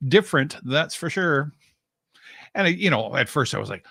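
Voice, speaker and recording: A man co-hosting a talk radio show, chatting casually and acting out his own reactions. His bright voice swings widely in pitch, and it is recorded dry and close. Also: moderate pace, creaky, dry recording. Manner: animated, acts out his own reactions with big pitch jumps.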